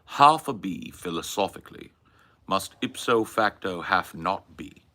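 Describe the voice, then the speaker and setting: A man's voice: sits low, expressive, measured pace, sharp tone, exaggerated voice. A man putting on a British accent, playing a pompous erudite pundit. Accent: British (put on). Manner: pompous, mock-philosophical.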